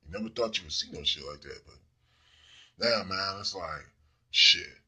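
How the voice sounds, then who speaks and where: Husky, forceful man ranting bluntly. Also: low voice, a little slow. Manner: blunt and profane, with frequent fillers. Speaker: commentator. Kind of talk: casual monologue.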